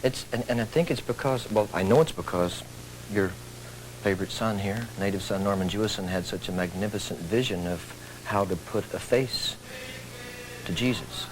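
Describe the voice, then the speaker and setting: A man's voice: fairly low pitch, moderate pace, a little hiss or hum, rough recording. A middle-aged man from Texas, a stage actor speaking earnestly, with dry humor, as a TV talk show guest. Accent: Texan.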